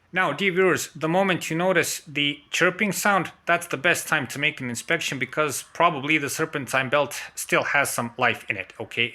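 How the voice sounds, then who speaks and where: A man's voice: a little high, pushed and bright, echoey room. A man presenting a car repair lesson, walking viewers through warning signs step by step, often checking in with "okay?" and addressing "dear viewers". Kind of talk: instructional explainer.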